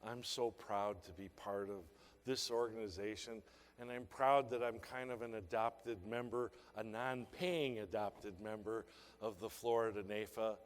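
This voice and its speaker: A man's voice: lowish voice, fairly even intonation, measured pace. An older man giving an emotional, emphatic motivational speech to a conference audience. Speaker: keynote speaker. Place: large conference hall. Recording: reverberant hall sound.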